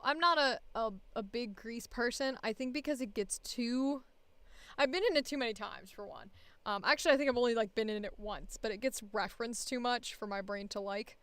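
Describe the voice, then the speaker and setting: A woman's voice: a little high, a bit bright, clean tone, no room sound. A woman voice actor talking casually to herself while recording audition takes, frank and chatty. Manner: frank, chatty, self-critical.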